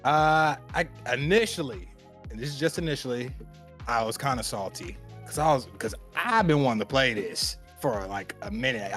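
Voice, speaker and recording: A man's voice: a little high, fairly bright tone. A man co-hosting a casual gaming podcast, talking in a rambling, emphatic way and repeating phrases for effect. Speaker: podcast co-host.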